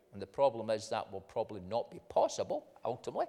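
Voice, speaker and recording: Older minister preaching in a reverberant church. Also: male voice, lowish voice, huge pitch swings, fast, hardly any pauses, mellow. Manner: conversational preaching, rising to emphatic points. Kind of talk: sermon.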